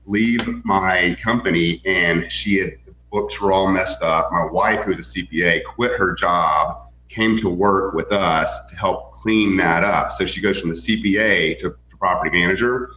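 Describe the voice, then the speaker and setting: A man's voice: low-pitched, unhurried, pushed and bright, slight background noise. A man who works as a real estate broker, telling stories as a guest in a casual interview with many fillers and restarts. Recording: echoey, dull lo-fi sound.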